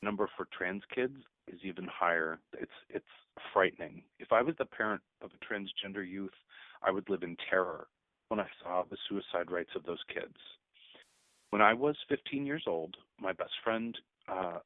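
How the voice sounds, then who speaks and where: This is an emotional radio interview with a fifty-something teacher on the show as a guest. His low voice is earnest and now and then catches with emotion, heard over a tinny phone line with no echo.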